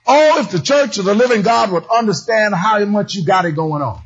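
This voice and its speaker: Lively husky-voiced preacher. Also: male voice, high voice, normal speed, lo-fi sound. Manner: animated preaching, storytelling in character, calling out to congregation. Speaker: pastor. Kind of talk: sermon.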